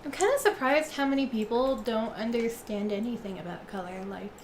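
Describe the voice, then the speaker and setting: A woman's voice: on the high side, fairly quick, slight background noise. A woman chiming in with offhand, amused remarks during a casual chat.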